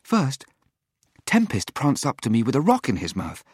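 A man reading a story aloud as a first-person narrator, with expressive, lilting delivery. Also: mid-range voice, moderate pace, breathy edge, no room sound, studio quality.

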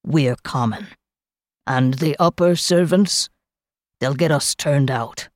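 A woman lends a lowered, soft voice to a worn middle-aged servant. He speaks quietly and pleadingly. The sound is dry and close. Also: slow pace, dry recording. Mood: grim. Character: stern humble male servant, middle-aged uncle.

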